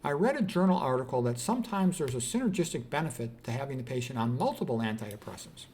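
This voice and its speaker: A calm, authoritative psychiatrist father, spoken by a man in his own voice, measured and instructive. He lays out each instruction evenly. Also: mid-range voice, slight background noise, lightly acted.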